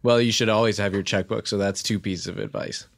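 A man co-hosting a comedy podcast, dropping dry, deadpan asides. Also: on the low side, brisk, vocal fry. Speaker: podcast co-host. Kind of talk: improvised comedy podcast banter.

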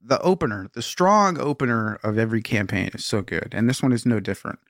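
A man co-hosting a casual comedy podcast. He reads product pitches aloud in a mocking tone, swears freely and laughs often. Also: quick pace, fairly bright tone, dry recording, clean studio sound. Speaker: podcast co-host.

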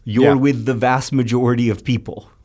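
A man's voice: medium pitch, steady tone, moderate pace, darkish tone. A middle-aged man co-hosting a casual podcast, talking loosely with frequent laughs and self-corrections. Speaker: podcast co-host.

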